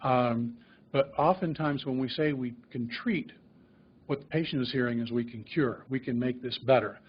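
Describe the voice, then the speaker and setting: A man's voice: medium pitch, moderate pace, breathy edge, lo-fi sound. A man, a physician, giving a grand rounds lecture and telling stories that act out talks with patients and families. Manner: conversational storytelling, acts out patient dialogues.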